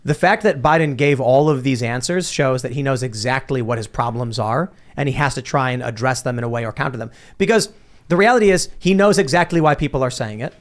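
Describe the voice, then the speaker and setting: A man's voice: mid-range voice, fairly quick. A man hosting a political talk podcast, speaking emphatically and with animation. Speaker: podcast host. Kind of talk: political commentary chat.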